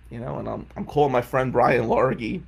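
This forties-aged lawyer has a mid-range, creaky, slightly rough voice and speaks fairly quickly. Telling self-deprecating comic stories in a casual way, he animatedly acts out what others said.

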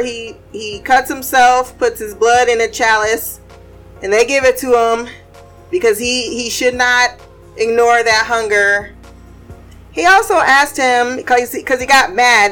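Slow-talking woman recapping a show. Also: fairly high pitch, soft background music. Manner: animated, laughing, acts out quotes. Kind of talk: casual podcast recap.

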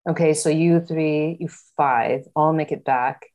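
A woman's voice: low-pitched, steady tone, measured pace, darkish tone, lo-fi sound. A woman interviewing a guest casually, asking curious questions and giving short prompts.

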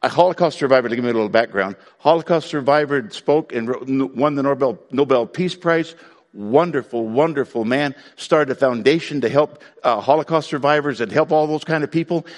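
A man preaching a sermon to his congregation in a conversational way, breaking now and then into loud outbursts. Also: medium pitch, fairly quick, long reverb tail. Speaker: pastor.

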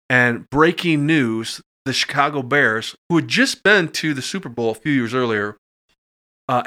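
Bright-voiced middle-aged man telling a story. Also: medium pitch. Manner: animated, acts out voices when excited. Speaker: podcast guest. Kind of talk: casual storytelling.

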